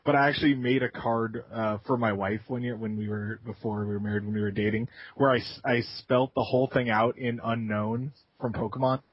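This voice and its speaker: A man's voice: medium pitch, steady tone, brisk, hardly any pauses, slightly rough, no echo. A man co-hosting a casual podcast chat, sheepish and self-deprecating, laughing often. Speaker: podcast co-host. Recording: dry, dull lo-fi audio.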